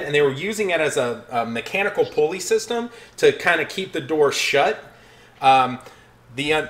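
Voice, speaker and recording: A man narrating a tabletop game as game master, hesitant with many pauses and restarts. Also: a little high, fairly bright tone.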